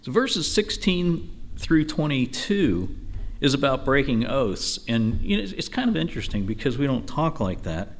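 Lively conversational man teaching Scripture. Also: medium pitch, moderate pace. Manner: conversational, lively, with frequent "you know" asides. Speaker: Bible teacher. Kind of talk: informal Bible study teaching.

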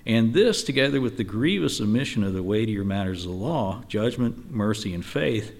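Male Bible teacher, casual study-group delivery, animated pitch, chatty asides between readings. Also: moderate pace, creaky. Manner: conversational, lively, with frequent "you know" asides.

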